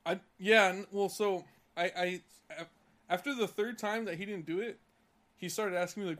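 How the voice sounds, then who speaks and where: A man's voice: high voice, fairly even intonation, normal speed, a bit bright. Heated, swearing young man telling a work story. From California. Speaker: podcast co-host. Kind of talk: casual podcast chat.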